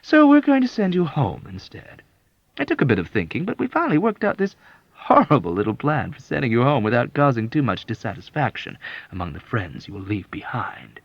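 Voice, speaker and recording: Man doing sardonic smooth-talking colonel, sly, ironically sweet, lively lilt, dry dull audiobook sound. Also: mid-range voice, fairly quick, no room sound, pitched above the performer's own voice. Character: sly sardonic middle-aged male colonel.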